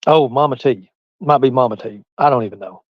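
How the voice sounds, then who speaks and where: A man's voice: mid-range voice, a little fast, no echo, lo-fi sound. A man with a Southern US hillbilly accent, rambling and swearing freely on a casual livestream while he reads chat aloud. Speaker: livestream host.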